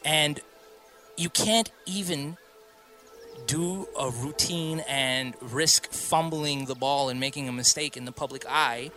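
A brash, foul-mouthed man holding forth in a casual podcast debate. His voice comes across bright and forward, with music sitting faintly under the talk. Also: fairly high pitch, slow. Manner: brash, profane, emphatic. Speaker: podcast co-host. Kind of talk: casual argumentative chat.

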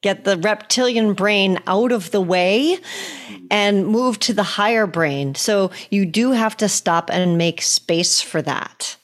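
A woman hosting a podcast conversation, enthusiastic and quick to praise, with exclamations. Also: mid-range voice.

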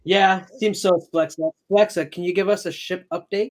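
A man playing in a tabletop game, breezy and quick with in-character replies. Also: sits high, steady tone. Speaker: player. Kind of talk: tabletop role-play.

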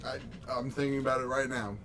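A man's voice: mid-range voice, steady tone, fairly quick, noisy background. A man co-hosting a casual podcast chat, making dry jokes. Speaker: podcast co-host.

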